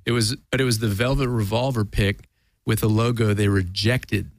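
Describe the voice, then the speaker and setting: A man's voice: fairly low pitch, fairly even intonation, normal speed, no room sound. A man talking as a guest musician in a casual interview, rambling and self-deprecating, laughing often.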